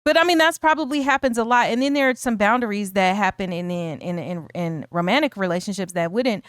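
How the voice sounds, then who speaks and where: A woman's voice: mid-range voice, a little fast, clean tone, dry recording, studio quality. A woman co-hosting a casual film discussion, thoughtful and laughing easily, often restarting her sentences. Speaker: podcast co-host.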